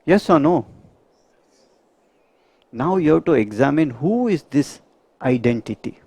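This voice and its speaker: A middle-aged homeopath delivers a spiritual lecture to a live group, earnest and measured, frequently posing rhetorical questions to listeners. His fairly high, expressive voice has a dark tone and breathy edge, recorded dry.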